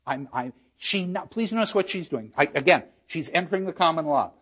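A man lecturing on literature, reading lines aloud dramatically and talking to his class with animated, emphatic asides. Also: fairly high pitch, normal speed, hardly any pauses, husky, dull audio.

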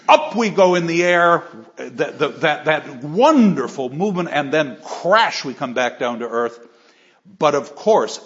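A male literature lecturer speaks with emphatic enthusiasm and often restarts his phrases. His voice sits a bit high and moves in lively swings. The recording is slightly dull and lo-fi. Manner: animated, emphatic, with frequent restarts.

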